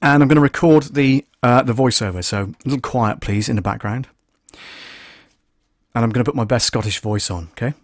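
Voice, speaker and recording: A male audio producer hosts a casual tutorial stream, narrating each step as he goes. He thinks aloud with frequent fillers and restarts. His voice sits in an ordinary middle pitch and is recorded dry, with almost no room echo. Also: brisk.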